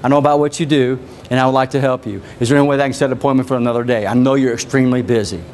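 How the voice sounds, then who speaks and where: This man races along in a medium-pitched voice while running a live sales training. Energetic and repetitive, he keeps throwing questions at the room, over slight background noise.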